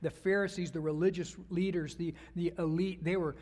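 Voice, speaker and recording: Man, pastor, preaching, asks congregation questions, high-pitched, long reverb. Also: fairly even intonation, brisk, a little mellow. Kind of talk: sermon.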